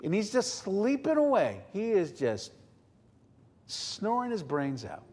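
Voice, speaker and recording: A man telling a story to children in a playful, animated way at a family service, addressing his listeners directly. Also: sits high, slow, slight background noise. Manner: playful, talks directly to the audience. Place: synagogue sanctuary. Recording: long reverb of a large hall.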